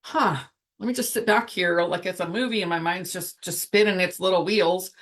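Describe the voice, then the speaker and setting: A spiritual coach with a voice on the low side teaches casually and reflectively. She guides the listener through slow breathing, often trailing off mid-sentence.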